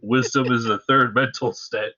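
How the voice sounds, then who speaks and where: A man playing a tabletop game who talks hesitantly and thinks out loud. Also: medium pitch, steady tone, moderate pace, dull audio, slight background noise. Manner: hesitant, musing, thinks aloud. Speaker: player.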